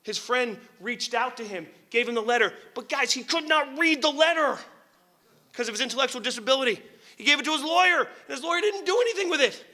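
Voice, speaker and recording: Giving a public talk, a middle-aged lawyer and author from New Jersey tells a story animatedly and candidly. He swears casually and chuckles at his own remarks, speaking briskly in a very high-pitched voice.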